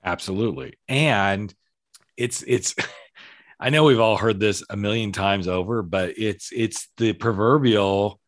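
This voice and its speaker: Animated low-voiced man telling coaching stories. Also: measured pace, no room sound, studio quality. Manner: animated storyteller who acts out quoted dialogue. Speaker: podcast host and speaking coach. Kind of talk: casual conversational interview.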